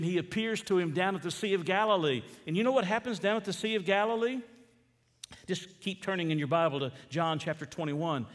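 A male pastor preaches a sermon, reading scripture and asking the listeners questions, getting loud and then dropping low and quiet. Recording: long reverb of a church hall.

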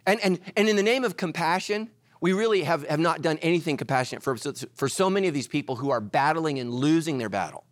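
Animated preaching man, dry sound. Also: on the high side, fast talker, no room sound. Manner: animated preaching, swings between loud and hushed. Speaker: pastor. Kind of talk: sermon.

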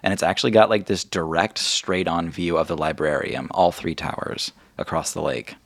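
A man running a tabletop game as game master. He talks loosely and rambles, with lots of fillers. His voice sits very low. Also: steady tone, moderate pace, creaky, no room sound, studio quality. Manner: casual, rambling, filler-heavy.

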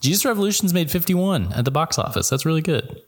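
A man's voice: on the high side, sing-song, quick pace. A man, chatting casually as a podcast co-host, rambling with many fillers and restarts. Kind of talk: casual chat.

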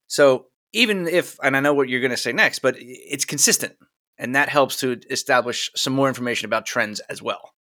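Co-host, male, bright and crisp, agreeable interjections, dry studio sound. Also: medium pitch, dry recording. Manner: quick wisecracks, agreeable interjections. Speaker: podcast co-host. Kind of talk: casual tech podcast chat.

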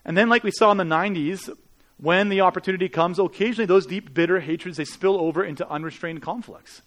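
A man's voice: high-pitched, quick pace, fairly bright tone. A man preaching a sermon in an earnest, conversational way, with rhetorical questions to the congregation. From Canada. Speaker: pastor.

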